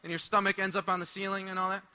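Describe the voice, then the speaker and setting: A young man tells a funny story to a church audience, animated and quick to act out other people's voices. His voice sits high and comes across very bright and forceful, always lively. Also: long reverb tail. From United States. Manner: animated and humorous, acts out quoted voices. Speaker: speaker at a Catholic renewal rally. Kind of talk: storytelling talk to a live audience.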